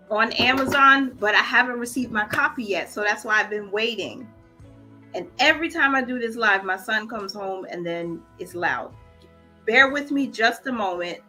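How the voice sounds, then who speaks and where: A woman's voice: fairly high pitch, measured pace, faint music behind. A woman hosting a budgeting livestream, chatting casually with viewers and greeting them by name. She is emotional and trying to hold back tears. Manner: warm, encouraging, reads viewer comments aloud. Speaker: budgeting channel host.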